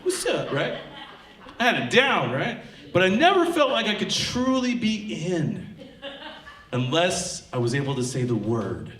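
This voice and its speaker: A man from Tacoma doing a profane, animated stand-up comedy set on a live theatre stage. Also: high-pitched, measured pace. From Tacoma, Washington. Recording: echoey live theatre with crowd laughter. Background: audience laughing and clapping.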